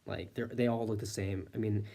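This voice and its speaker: A man's voice: lowish voice, little pitch movement, a little fast, warm tone. A man casually telling a personal ghost story, rambling with lots of filler words and an easy, matter-of-fact manner. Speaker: storyteller host.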